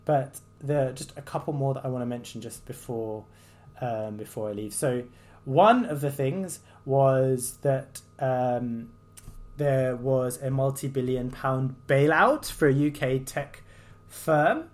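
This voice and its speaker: A man's voice: mid-range voice, measured pace, a little mellow. A man hosting a solo podcast, a doctor, talking in a loose, rambling way with an exasperated, sardonic edge. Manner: exasperated, sardonic, mocking quoted voices; loose and rambling, with many fillers and restarts.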